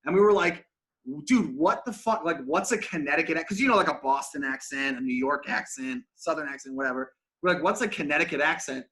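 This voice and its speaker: A man's voice: fairly high pitch, quick pace, few pauses, sharp tone. A man, a former band member, telling stories in a casual podcast chat, swearing and laughing along the way. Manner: storytelling, swears, laughs often.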